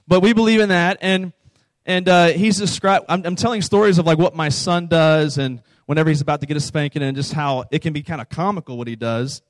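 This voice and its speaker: A man's voice: on the high side, brisk, dry recording. Casual, chatty male preacher with a dry sound. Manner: conversational, informal, asks the audience questions. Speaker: preacher speaking to a youth camp audience. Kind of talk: sermon.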